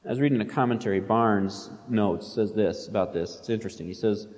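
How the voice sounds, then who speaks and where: A pastor preaches a sermon, explaining things in a plain, conversational way but reading quotations aloud with rising intensity. His voice is lowish, darkish and a little fast, and a long hall reverb hangs on the recording.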